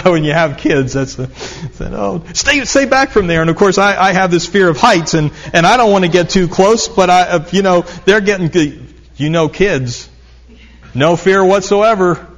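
A middle-aged man preaching a sermon, telling stories and building up to emphatic repetition. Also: a little high. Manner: storytelling, rising to emphatic repetition. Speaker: pastor. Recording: dull lo-fi recording.

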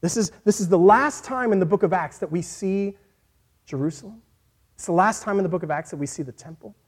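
A man preaching a sermon in an earnest voice that moves from quiet, reflective passages to emphatic points. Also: sits high, a little fast, husky. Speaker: pastor.

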